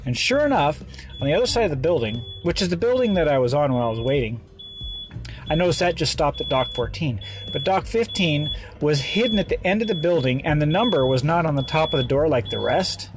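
A man driving a truck, telling a rambling story in casual vlog style with halting restarts. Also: on the high side, sing-song, music in the background. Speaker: truck driver. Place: truck stop.

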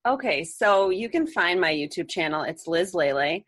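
A woman's voice: on the low side, lively intonation, moderate pace, a bit bright, no echo, studio quality. A woman in her thirties chatting as an interview guest, rambling with lots of "like" and "um" and a wry sense of humor. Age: 30s. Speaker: interview guest, trading contestant. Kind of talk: casual interview chat.

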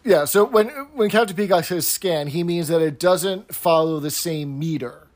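A man's voice: fairly high pitch, normal speed, darkish tone. A man co-hosting a casual chat, explaining things patiently with frequent fillers and easy laughter. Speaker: podcast co-host.

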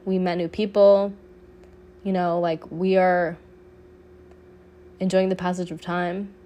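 A woman's voice: lowish voice, level tone, takes it slowly, warm tone. A woman in her late twenties hosting a solo podcast, sick with a cough, talking casually and heartfelt, peppered with swearing and "like". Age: 20s. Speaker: podcast host.

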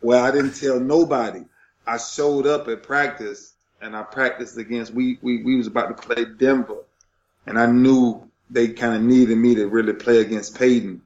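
A middle-aged man telling an emotional story with passion, often repeating himself and swinging between loud and soft. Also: medium pitch, steady tone, moderate pace, echoey room, lo-fi sound. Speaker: retired football player telling his story.

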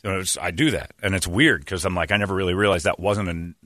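A man with a very deep voice that still has a bright, forceful edge, chatting casually with his co-hosts. He rambles and laughs at himself, filling gaps with "uh" and "like". The sound is dry and close. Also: fast talker, no echo. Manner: rambling and self-mocking, many fillers. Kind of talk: casual group chat.

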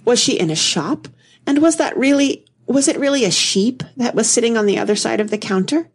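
A woman reading a classic storybook aloud in an even, unhurried narration. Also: fairly high pitch, breathy edge.

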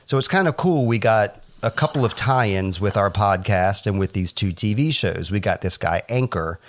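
A man with a somewhat low voice hosts a casual TV recap podcast. He talks in a chatty, animated way and drifts into asides. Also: moderate pace. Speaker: podcast co-host.

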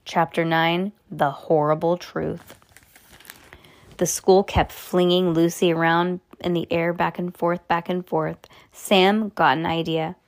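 A woman's voice: on the low side, flat delivery, takes it slowly. A woman reading a children's book aloud expressively, stopping for casual asides. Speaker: reader.

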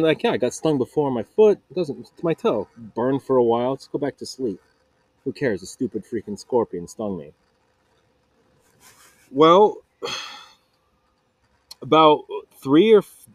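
A man's voice: mid-range voice, darkish tone, dry recording. A man in his thirties hosting a podcast, telling a personal story casually, stumbling over repeated words and fillers. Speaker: podcast host.

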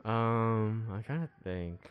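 A man's voice: lowish voice, lively intonation, slow, clear, resonant tone, narrow, tinny audio. A young man chatting casually with friends on a podcast, laid-back and teasing. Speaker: podcast co-host. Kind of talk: casual chat among friends.

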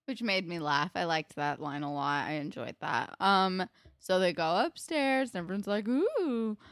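A young woman shares relaxed, opinionated takes as a co-host, with frequent "um" and "you know". Her voice sits a little low. The sound is dry and close. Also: moderate pace, clean tone, no room sound. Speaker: podcast co-host. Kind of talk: casual chat recapping a TV episode.

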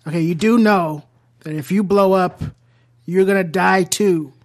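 A tabletop game player speaking in a dry, exasperated, deadpan way. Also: mid-range voice, measured pace. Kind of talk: tabletop role-play, playing in character.

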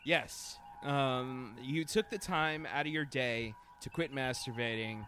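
A man's voice: mid-range voice, slow, sharp tone, a little hiss or hum. A man co-hosting a podcast, bantering casually, joking, rambling and laughing often. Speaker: podcast co-host.

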